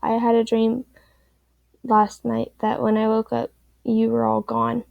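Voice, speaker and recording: A woman's voice: on the high side, monotone, a little slow, gravelly, no echo, phone-quality sound. Storybook reading: small whiny child clinging to big brother, read by a woman, dry close sound. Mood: tearful. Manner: pleading, whiny.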